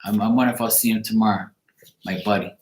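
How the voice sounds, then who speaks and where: A man's voice: lowish voice, fairly even intonation, quick pace, reverberant, background noise. A man giving a casual tarot reading on a livestream, rambling loosely, swearing now and then and breaking off to greet viewers. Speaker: tarot reader.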